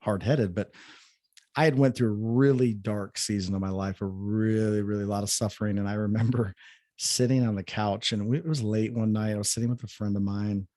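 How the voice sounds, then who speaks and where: A man guest in a conversation, telling a personal story in a reflective, relaxed way. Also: fairly low pitch, fairly quick, no echo, studio quality. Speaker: podcast guest.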